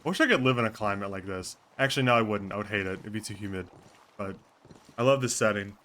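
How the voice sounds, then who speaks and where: A man's voice: fairly low pitch, animated, fast talker, pushed and bright. A man streaming a role-play game, chatting casually with viewers, thinking aloud and swearing freely. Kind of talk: casual out-of-character chat with viewers.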